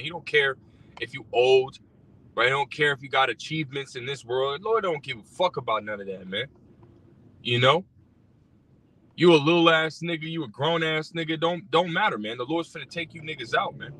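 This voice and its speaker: A man's voice: on the high side, sharp tone. A man who drives for a rideshare service, ranting bluntly and profanely about scripture, packed with fillers and repeats. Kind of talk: casual religious rant. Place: in a car. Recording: distant mic with faint car noise.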